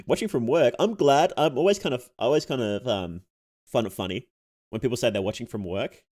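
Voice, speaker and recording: A man's voice: medium pitch, lively intonation, moderate pace, pauses often, a little mellow. A young man streaming as a VTuber, chatting casually with viewers, reading chat aloud, laughing often and restarting his sentences.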